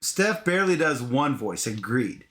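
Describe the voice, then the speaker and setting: A man co-hosting a casual board game playthrough, animated and chatty, reading cards aloud. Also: mid-range voice, a little slow. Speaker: co-host of board game videos.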